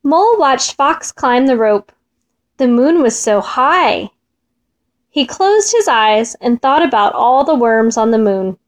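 A woman reads a children's folk tale aloud, gentle and expressive. Her voice is high, and her pace is slow. She draws out repeated words. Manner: gentle, expressive, drawn-out repetitions. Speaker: storyteller.

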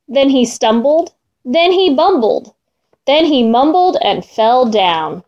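Expressive woman reading a storybook. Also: high-pitched. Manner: expressive, sing-song.

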